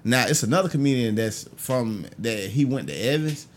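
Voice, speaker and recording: A man, a comedian spinning a story in loose, casual talk. He is animated and jumps his voice up high whenever he acts out someone else's words. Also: moderate pace. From Augusta, Georgia, US. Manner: animated, acts out quoted people with big pitch jumps. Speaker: stand-up comedian guest.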